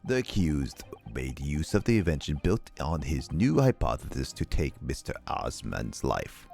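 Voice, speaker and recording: Man doing a deep cold prosecutor. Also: big pitch swings, a little slow, vocal fry, darkish tone, faint music behind, full character voice. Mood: accusing.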